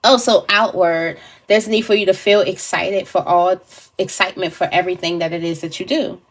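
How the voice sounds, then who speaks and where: Woman, lowish voice, tarot reader, casual to-camera reading, meandering, fillers and restarts. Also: fairly even intonation, normal speed.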